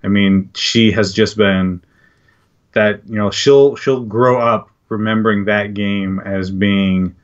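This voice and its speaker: A man's voice: on the low side, fairly even intonation, takes it slowly. A man who is a podcast guest, talking earnestly and reflectively in casual chat with hesitant restarts. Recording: dull lo-fi audio.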